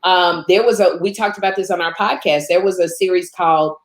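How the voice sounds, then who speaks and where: A woman from Chicago, a guest telling lively stories in casual chat, laughing and acting out quotes. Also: brisk. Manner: animated, laughs often, acts out quotes in higher voice. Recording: roomy echo.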